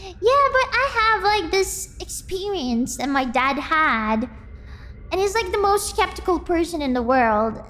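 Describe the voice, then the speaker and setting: A woman streamer chatting casually with her viewers, excitable and quick to laugh. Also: high voice. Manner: excitable, bursts into squealing and laughter. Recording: faint music in the background.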